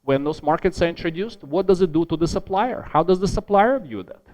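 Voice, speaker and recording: Animated man giving an academic keynote. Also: on the high side, brisk, dull audio. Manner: lively, self-deprecating asides, emphatic repetition. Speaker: keynote speaker.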